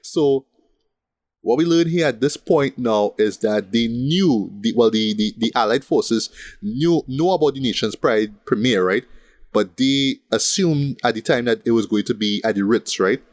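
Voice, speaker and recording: A man co-hosting a laid-back film podcast, talking in loose, rambling runs and checking in with "right?" at every turn. His voice sits at an ordinary middle pitch. The sound is dry and close, with no room around it. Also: measured pace, no room sound. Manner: rambling, repeats "right?" often. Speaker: podcast co-host. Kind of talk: casual film review chat.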